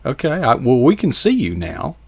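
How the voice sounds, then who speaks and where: A man hosting an interview, relaxed and affirming, often murmuring agreement. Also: mid-range voice, moderate pace, creaky, slightly rough, no room sound. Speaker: host. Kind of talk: casual interview chat.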